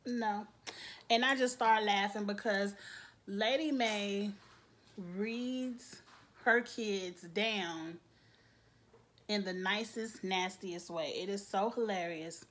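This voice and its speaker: A woman's voice: medium pitch, slow pace, fairly bright tone. Young woman, casual show recap, sassy, laughs a lot. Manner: sassy,喜 laughing asides, quoting characters. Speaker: TV show reviewer.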